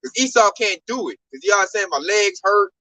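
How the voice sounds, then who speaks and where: A man's voice: high-pitched, fast, no room sound. A man talking in a casual religious discussion, emphatic and slangy, telling stories with lots of energy. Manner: emphatic, slangy, animated storytelling. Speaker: discussion speaker. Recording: distant mic, dry sound.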